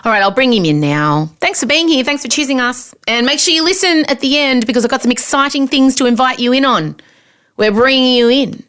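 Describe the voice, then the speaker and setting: A woman's voice: high voice, animated, a little fast, a bit bright, clear, resonant tone. A woman in her forties with an Australian accent, hosting a podcast in a chatty, self-mocking storytelling manner. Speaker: podcast host. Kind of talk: casual monologue.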